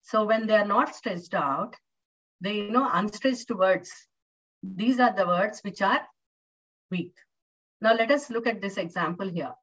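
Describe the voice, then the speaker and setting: A woman's voice: on the high side, lively intonation, moderate pace, fairly bright tone. A woman lecturer with an Indian English accent explains patiently, repeating points and asking students questions. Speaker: university lecturer. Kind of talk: classroom lecture. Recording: distant, dull lo-fi classroom recording.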